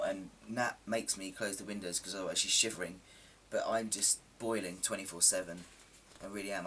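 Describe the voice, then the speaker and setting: A man talks casually to his camera in a lowish voice that sounds slightly coarse and sore. He rambles along, self-deprecating, with lots of ums. The mic sits a little distant, with faint background hiss. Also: fairly bright tone. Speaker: vlogger.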